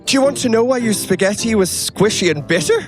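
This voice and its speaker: Guy putting on a spiteful old lady with an irish accent, way high and squeally, bouncy. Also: lively intonation, fast talker, music in the background. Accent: put-on Irish. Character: nasty old woman prankster, shrill and spiteful.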